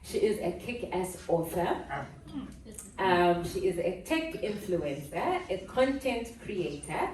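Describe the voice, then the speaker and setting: A woman's voice: fairly low pitch, very animated, takes it slowly, a little mellow. A woman hosting an event, enthusiastically introducing the speaker to the audience. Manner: enthusiastic, sing-song announcing. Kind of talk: stage introduction. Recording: echoey hall, distant mic.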